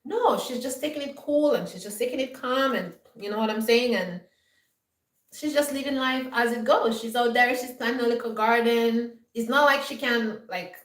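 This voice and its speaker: A woman vlogger lectures her viewers in an emphatic, scolding way, often asking "you understand?". Her voice sits a little high and sounds roomy and somewhat distant from the mic. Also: moderate pace. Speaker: homestead vlogger. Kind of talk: lecturing monologue.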